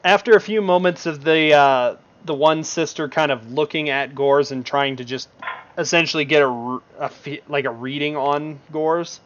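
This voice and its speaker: A man's voice: fairly high pitch, fairly even intonation, normal speed. Male game master, casual rambling narration; lo-fi muffled recording. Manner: rambling, many fillers.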